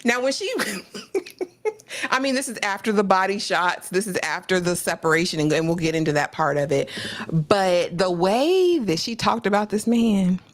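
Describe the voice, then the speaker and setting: A woman co-hosting a casual reality-show discussion, talking in a lively way and quoting people in put-on voices. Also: mid-range voice, moderate pace. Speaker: podcast co-host. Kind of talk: casual reaction chat.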